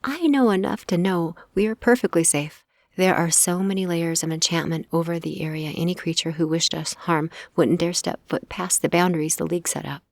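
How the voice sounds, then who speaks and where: A defiant young vampire woman, voiced by the woman narrator speaks sharply. Her voice is low with a gravelly grain. The sound is close and dry. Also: moderate pace, no room sound.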